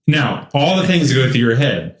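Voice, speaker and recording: Animated male podcast host, roomy echo. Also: mid-range voice, moderate pace. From United States. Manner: animated storyteller, laughs often. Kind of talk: casual storytelling chat. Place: church podcast studio.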